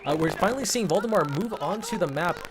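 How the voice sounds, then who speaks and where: A caster with a high, expressive voice gives fast, casual live commentary on a strategy game tournament while music plays behind him. He rambles and restarts words as he goes.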